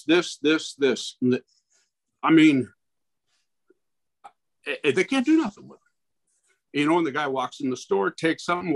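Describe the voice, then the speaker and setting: A man's voice: mid-range voice, a bit bright. A man who owns a local business speaks at a public meeting, rambling and worried, restarting his sentences often.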